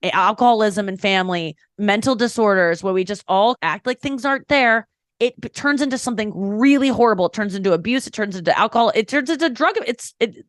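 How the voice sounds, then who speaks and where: A woman's voice: mid-range voice, no echo, studio quality. A woman stand-up comedian in a candid interview, talking frankly and emphatically, breaking off to correct herself and acting out quotes as she tells stories. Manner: frank, storytelling with acted-out quotes; quick, emphatic, self-correcting. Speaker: stand-up comedian, podcast guest.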